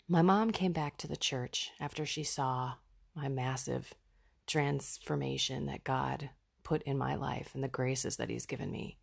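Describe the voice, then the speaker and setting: Slow, low-voiced earnest woman. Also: steady tone, creaky, breathy edge. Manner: earnest, heartfelt, unhurried. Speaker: podcast host. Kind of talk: raw personal reflection.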